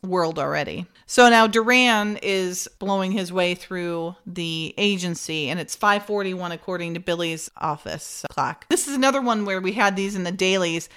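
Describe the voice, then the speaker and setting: A woman's voice: on the low side, moderate pace, hardly any pauses, a bit bright, clean tone. A woman hosting a podcast, casually retelling scenes and acting out the characters' lines with laughs. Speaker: podcast host recapping an episode.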